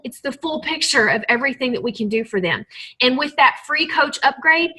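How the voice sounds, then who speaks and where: Bright-voiced woman giving an emotional pep talk. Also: sits high, husky, low-quality recording. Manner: emotional, earnest, confessional. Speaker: team leader on a coaching call. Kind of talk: motivational team call.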